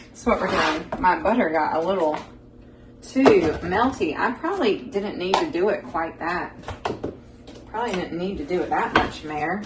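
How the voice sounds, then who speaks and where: A woman's voice: lowish voice, normal speed, heavy background noise. Woman hosting a home cooking vlog, chatty and folksy, recorded from across a roomy kitchen. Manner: chatty, folksy, talks to viewers as "y'all". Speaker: cooking show host. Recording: echoey kitchen, mic far off, loud kitchen clatter. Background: dishes and pans clattering.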